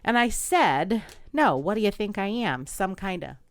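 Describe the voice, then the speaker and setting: A woman guest on a podcast telling a story in casual chat, animated and acting out the voices she quotes. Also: mid-range voice, measured pace, dry recording.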